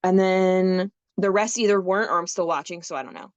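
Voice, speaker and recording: A young woman co-hosting a podcast, chatting casually in an animated, rambling way with frequent laughs and fillers. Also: on the low side, a little fast, no room sound, muffled recording. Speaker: podcast co-host. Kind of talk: casual chat.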